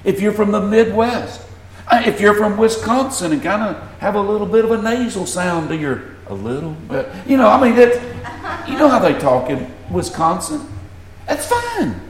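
A man's voice: sits high, animated, normal speed, roomy sound, a little hiss or hum. A man with a Southern US accent preaching a sermon, earnest and building to emphasis when he reads scripture. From Southern United States. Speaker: pastor.

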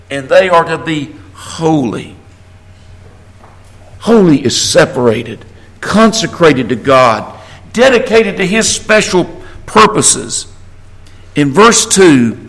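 Southern-accented man, sermon, high-pitched voice, echoey room. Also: a bit bright. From Southern United States. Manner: earnest, rising to emphasis on scripture. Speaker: pastor.

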